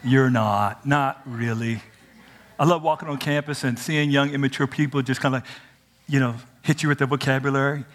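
A young man preaching an energetic sermon, animated and playful, swinging from loud cries to quiet asides. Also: medium pitch, a little fast. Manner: conversational and playful, acts out quotes.

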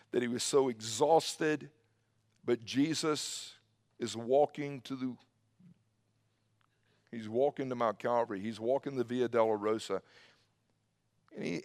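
Pastor guy giving an easter sermon, goes big and loud then drops way down quiet, mid-pitched voice. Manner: dramatic, swings between loud emphasis and hushed low tones. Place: church service streamed online.

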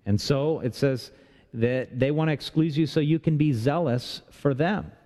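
Male pastor, mellow tone, conversational sermon with asides and questions, big echoing church hall. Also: medium pitch, unhurried. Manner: conversational preaching with rhetorical questions and humor. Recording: long reverb of a large hall.

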